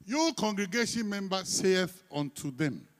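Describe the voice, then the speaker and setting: A male pastor, leading his congregation through a scripture reading, teasing them between soft asides and loud, emphatic lines. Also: high voice, expressive, unhurried. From Ghana. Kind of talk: sermon with congregational call-and-response. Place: church sanctuary.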